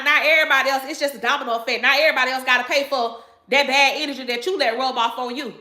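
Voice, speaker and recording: A woman's voice: high voice, very fast, sharp tone. A woman in her thirties, a YouTube host chatting to her viewers, blunt and preachy, swearing freely and repeating her points. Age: 30s. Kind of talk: casual chat to viewers. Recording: echoey room.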